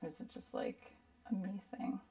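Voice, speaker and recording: Talking her way through a live painting demo, this woman art instructor is chatty and rambling, leaning heavily on "like." Her mid-range voice swoops wildly in pitch at a normal speed, sounding gravelly and warm, and she's far from the mic.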